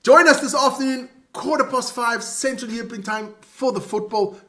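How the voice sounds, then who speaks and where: High, bright-voiced man hosting a sports stream. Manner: chatty, reads scores off quickly with asides. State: voice wearing out. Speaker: sports show co-host. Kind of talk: casual live-stream sports roundup.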